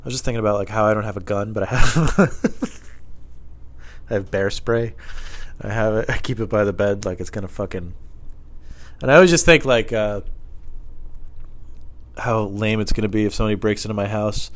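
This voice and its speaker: A man casually telling a rambling, profane story in a deadpan manner. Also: lowish voice, moderate pace, pauses often.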